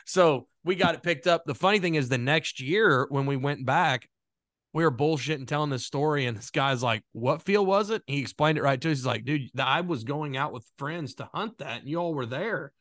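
Laughing, animated male podcast co-host. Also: on the high side, dry recording, studio quality. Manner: laughs through his stories, quick and animated. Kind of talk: casual storytelling chat.

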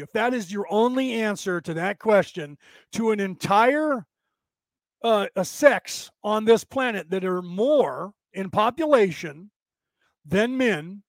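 Male podcast host, blunt spiritual monologue, high voice, dry close sound. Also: takes it slowly, no echo. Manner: opinionated, blunt, uses rhetorical questions.

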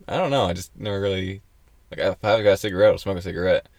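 A man's voice: sits low, rapid-fire, darkish tone, no echo. A young man co-hosting a casual podcast chat, joking and laughing often. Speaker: podcast co-host.

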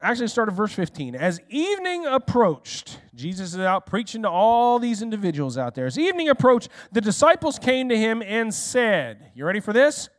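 A male pastor delivers a sermon in a high voice with sweeping swings of pitch. He keeps checking in with the congregation and asking them questions. The sound is dry and close, with little room echo. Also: sing-song, normal speed, few pauses. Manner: speaks directly to listeners in the room.

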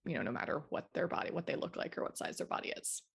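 A woman's voice: lowish voice, animated, quick pace, vocal fry, breathy edge. A woman dietitian speaking as a podcast guest, explaining her ideas thoughtfully with frequent fillers. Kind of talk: interview answers.

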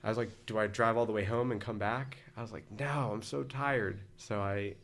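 Man in his forties, lowish voice, relaxed rambling storyteller, casual podcast chat. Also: quick pace. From Philadelphia area, United States. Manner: laid-back, rambling anecdotes with frequent "like". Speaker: podcast guest, former band vocalist.

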